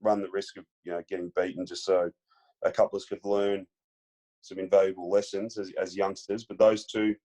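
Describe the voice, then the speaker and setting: A man with an Australian accent, a former footballer telling stories as a podcast guest in a relaxed way, with lots of fillers. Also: deep voice, a little fast. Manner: laid-back storyteller, many fillers, acts out quotes. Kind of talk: casual storytelling chat.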